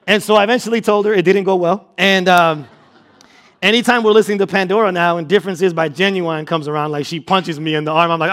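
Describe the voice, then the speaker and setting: High-voiced middle-aged male pastor, animated sermon storyteller. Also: a little fast. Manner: animated storytelling with bursts of laughter.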